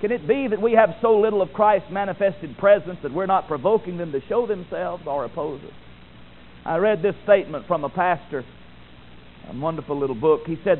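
A man preaching with a high, ringing voice. He drives points home with loud emphasis, then drops to hushed, solemn lines. The sound is thin and phone-like. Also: expressive, moderate pace. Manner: emphatic, swinging from loud declarations to quiet, solemn asides. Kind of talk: sermon. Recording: tinny phone-like recording.

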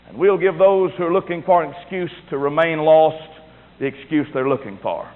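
A pastor with a fairly high voice preaches at normal speed, folksy and emphatic, his delivery rising and falling. The sound is tinny, like a phone, with long hall reverb.

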